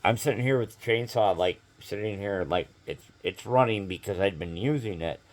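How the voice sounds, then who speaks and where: A man's voice: on the low side, moderate pace. A man telling a rambling story to camera in a casual vlog, full of fillers and swearing. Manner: rambling, filler-heavy, profane.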